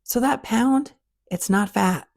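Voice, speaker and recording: A woman's voice: fairly high pitch, slow, vocal fry, a little mellow. A woman hosting a podcast, talking straight to listeners in a direct, coaching monologue that repeats its points for emphasis. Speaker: podcast host.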